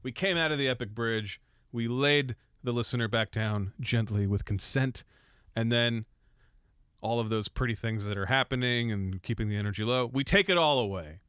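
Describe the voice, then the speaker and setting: A man's voice: mid-range voice, moderate pace, a bit bright, smooth, dry recording, studio quality. A young man casually explaining how he produced a song, joking, swearing and mocking himself as he goes. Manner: irreverent, swears, self-mocking. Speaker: music producer and mixer. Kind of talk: casual tutorial with jokes.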